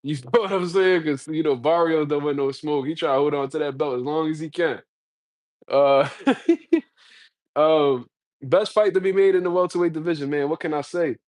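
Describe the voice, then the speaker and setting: Male solo commentator with a slightly high voice. Slangy, profane, heated. Dry close-mic sound. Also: fairly even intonation, brisk, darkish tone, no echo. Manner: blunt, slangy, heated ranting. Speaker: boxing commentator.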